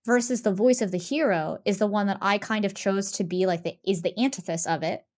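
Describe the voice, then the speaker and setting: Woman, podcast co-host, casual chat, animated and talkative, medium pitch. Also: fairly quick. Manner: talkative, animated, many fillers and restarts. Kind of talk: casual discussion.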